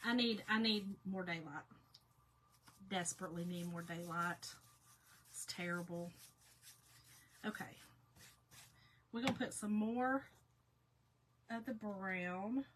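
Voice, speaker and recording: A woman hosting a casual live painting chat, reading out viewer comments in a folksy way, her voice going hoarse. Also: medium pitch, takes it slowly, pauses often, a bit bright, a little hiss or hum. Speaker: crafting livestream host.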